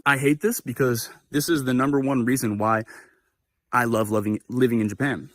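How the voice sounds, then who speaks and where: A young man hosting a livestream, telling a personal story in a casual, animated way with lots of swearing and fillers. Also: medium pitch, moderate pace, no room sound. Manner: animated, profane, filler-heavy. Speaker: livestream host.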